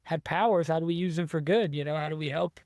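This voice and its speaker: An eager man chats about his writing in a casual interview, his high voice smooth and resonant. He rambles and restarts his sentences often. The sound is dry and close. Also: quick pace, darkish tone, no room sound. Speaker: author being interviewed.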